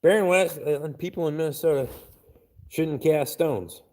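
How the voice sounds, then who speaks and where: A man's voice: on the high side, normal speed, dark tone. A man chatting casually on a live stream, reading out chat and swearing constantly in a crude, blunt way.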